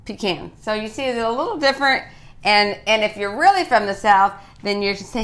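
Woman hosting a cooking show, mid pitch, all gushy and chatty, walking the guest through each step. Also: lively intonation, brisk. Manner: enthusiastic, gushing, gently instructing. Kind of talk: casual chat while cooking.

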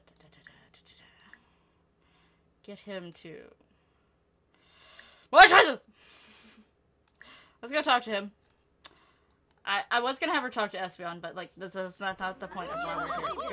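A young woman casually commenting on her life-simulation game, chatty and giggly, often laughing and calling out loudly at what happens on screen. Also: medium pitch, a little hiss or hum. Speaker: gameplay commentator. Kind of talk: casual let's-play commentary.

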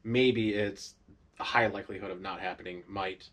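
A man's voice: fairly low pitch, steady tone, moderate pace, a bit bright. A man co-hosting a podcast, chatting casually and explaining word meanings in an easygoing way. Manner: easygoing, explains words, chuckles. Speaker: podcast co-host. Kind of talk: casual chat.

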